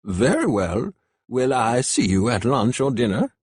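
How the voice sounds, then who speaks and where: A man's voice: mid-range voice, big pitch swings, a little slow, slightly rough, no echo, studio quality, voice pushed up. A man voicing a weary old male adviser who speaks cautiously and pleads with a younger man.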